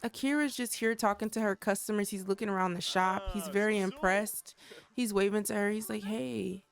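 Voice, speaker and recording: Young woman, gameplay commentary, chatty, addresses viewers, medium pitch. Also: steady tone, a little fast. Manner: chatty, talks straight to viewers. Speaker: gaming creator.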